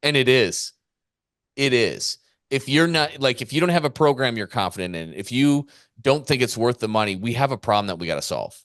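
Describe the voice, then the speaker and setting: A male business coach talking on a casual podcast. He speaks in an emphatic, fired-up way and hammers points home by repeating them. His voice sits at a middle pitch with a dry, close sound. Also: expressive, a little fast, a bit bright, no echo.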